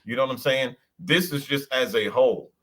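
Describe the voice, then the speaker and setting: A man's voice: mid-range voice, brisk, a bit bright. A man co-hosting a casual chat, talking bluntly in slang and swearing freely. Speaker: co-host.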